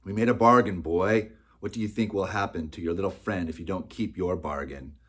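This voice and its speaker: A cruel, bullying miller in middle age, forceful and menacing, put on by a man reading a storybook. The voice sits low with a husky edge. He leans on each order with a hard push. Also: brisk.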